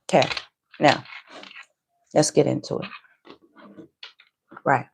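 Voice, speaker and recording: A woman's voice: deep voice, level tone, slow pace, creaky, background noise. Emphatic woman commenting on clips. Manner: emphatic, repeats phrases for stress. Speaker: tarot and celebrity commentary host. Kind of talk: commentary over played clips.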